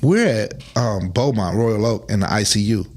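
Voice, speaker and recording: Man, relaxed storytelling, acts out quotes. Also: lowish voice, moderate pace. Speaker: guest. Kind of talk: casual storytelling interview.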